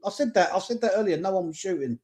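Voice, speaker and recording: High-voiced bantering male co-host. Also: lively intonation, fast talker, darkish tone. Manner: banter, swearing, jokey. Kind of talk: casual chat.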